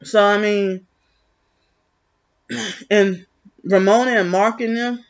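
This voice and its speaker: A woman's voice: medium pitch, fairly even intonation, takes it slowly. A woman vlogging in a rambling, agitated, accusatory monologue, full of restarts. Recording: muffled lo-fi recording.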